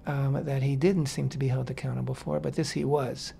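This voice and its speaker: A man co-hosting a Torah discussion on talk radio, speaking in a measured, hesitant way with frequent fillers. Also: medium pitch, flat delivery, gravelly, warm tone, slight background noise. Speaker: radio co-host.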